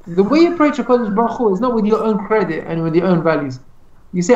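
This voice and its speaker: A man teaching an informal Torah class over a video call, fast and animated, acting out little dialogues as he explains. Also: high voice, a little hiss or hum. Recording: echoey, distant, dull video call audio.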